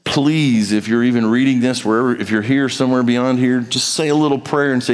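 A man's voice: medium pitch, a little fast, few pauses, in a large hall. A man preaching, reading scripture aloud and explaining it in a plain, conversational way. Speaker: pastor. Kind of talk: sermon.

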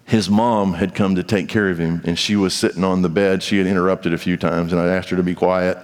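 Brisk and flat in delivery, a low-voiced male pastor gives an emphatic sermon, slipping into the voices of imagined people. The setting is a large church sanctuary with a reverberant hall sound.

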